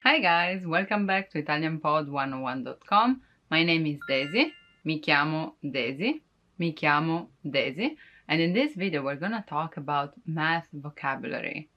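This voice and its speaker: Low-voiced woman hosting a language lesson. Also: animated, normal speed, lo-fi sound. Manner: chatty and upbeat, addressing viewers directly. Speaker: Italian language teacher. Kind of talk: friendly vocabulary lesson to camera.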